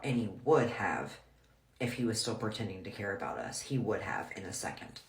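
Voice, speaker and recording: This storyteller vlogger has a rumbling low, sing-song voice with vocal fry, moving at a moderate pace. She shares a personal story bluntly and casually, leaning heavily on "like." There's slight background noise and a roomy echo.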